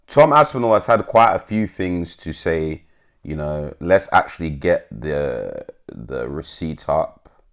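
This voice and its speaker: A man with a low, creaky voice hosts an MMA commentary channel. He chats bluntly and swears while reading posts aloud to his viewers in casual commentary.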